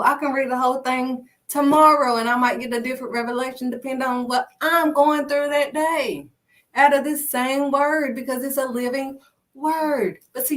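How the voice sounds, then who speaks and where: A woman with a high voice gives a casual, emphatic faith talk. She punctuates each point with a firm "period" and calls her listeners honey and sweetheart. She sits a little back from the microphone. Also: a bit bright, far from the mic. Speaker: faith speaker. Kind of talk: casual preaching monologue.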